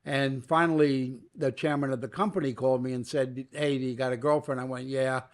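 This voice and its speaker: A man's voice: mid-range voice, a little fast. An older man from New York, a guest in an interview, telling long stories and acting out the dialogue as he goes. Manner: animated storyteller acting out quoted dialogue. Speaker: guest, media entrepreneur. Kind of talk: storytelling interview.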